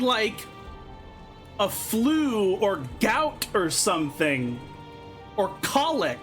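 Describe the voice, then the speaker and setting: Animated, swearing game streamer. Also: mid-range voice, slow pace, soft background music. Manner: animated, swearing, laughing asides. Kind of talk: casual let's-play commentary.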